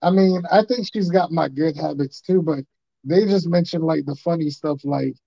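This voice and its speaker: A man's voice: a little high, moderate pace, creaky, dark tone, dry recording. A man hosting a podcast in casual, slangy banter with a guest. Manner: laid-back slangy banter. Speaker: podcast host. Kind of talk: casual chat. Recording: dull lo-fi sound.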